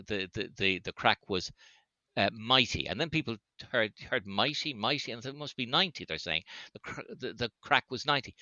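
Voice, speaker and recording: A man being interviewed as a linguist, hesitant with many fillers and restarts, warmly savoring idioms. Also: mid-range voice, dry recording, lo-fi sound. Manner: relishes idioms, enthusiastic asides. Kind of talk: conversational interview.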